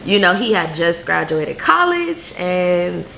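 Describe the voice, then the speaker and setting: Low, slow-spoken woman vlogger in an echoey room. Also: sing-song, gravelly, bright, forceful tone, a little hiss or hum. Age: late 20s. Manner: reflective, laid-back, earnest. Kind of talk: candid Q&A vlog. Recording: roomy echo with faint ambience.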